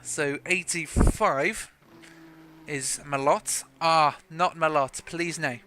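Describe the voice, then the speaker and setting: A young man from South Africa with a South African accent softened by British English, giving rambling, jokey commentary on a sim racing livestream. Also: on the high side, steady tone, slow pace. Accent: South African with some British English. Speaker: race commentator.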